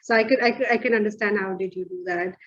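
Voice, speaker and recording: A woman's voice: mid-range voice, steady tone, fast talker. A woman hosting an interview, asking casual, chatty questions and relating to her guest. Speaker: host. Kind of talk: conversational interview. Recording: slightly muffled audio.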